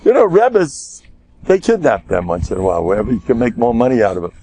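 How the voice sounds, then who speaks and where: An older man, a rabbi, giving an informal, animated Torah lecture, joking and asking his listeners rhetorical questions. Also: mid-range voice, quick pace. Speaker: rabbi teaching a class.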